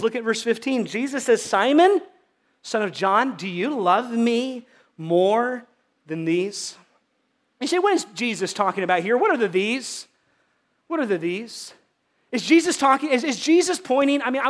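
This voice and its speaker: A man preaching a sermon as pastor, animated and swinging between loud emphasis and hushed delivery. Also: high-pitched.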